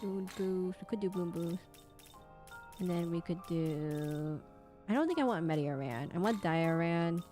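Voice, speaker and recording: A woman's voice: on the low side, animated, a little slow, mellow, faint music behind. A young woman streaming a game, chatting casually and thinking aloud in a rambling way. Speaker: VTuber streamer. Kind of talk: casual gaming stream chat.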